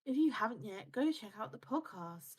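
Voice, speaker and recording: A woman's voice: fairly high pitch, animated, moderate pace, slightly rough. A woman co-hosting a live stream in casual chat. She sounds tired and half asleep, and she talks bluntly with a lot of swearing. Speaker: streamer and co-host.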